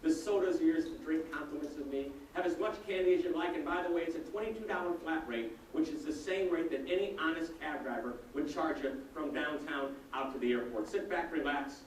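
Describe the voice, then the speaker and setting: A man voicing a friendly male cab driver from Texas, speaking in a deep, low, courteous drawl. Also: very echoey, far from the mic, a little hiss or hum, lightly acted, rough recording. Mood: hospitable. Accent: Texan. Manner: warm, hospitable, unhurried.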